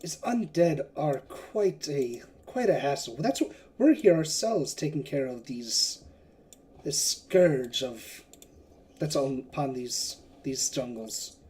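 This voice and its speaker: A game master voicing a calm male holy man who leads a band of mercenaries, speaking in a measured, deliberate way. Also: mid-range voice.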